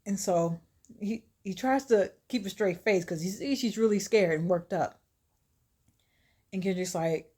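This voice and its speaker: A woman telling a spooky story aloud in a relaxed, chatty way. She keeps turning to her viewers with casual asides and laughs easily, at a middling pitch. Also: unhurried, long pauses.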